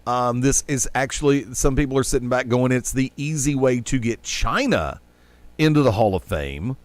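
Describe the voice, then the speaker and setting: A male radio host talking into a headset, rambling through his opinions with a jokey edge. His voice sits at a middling pitch, and the sound is dry and close with no room around it. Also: animated, moderate pace, no echo. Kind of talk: casual sports talk radio chat.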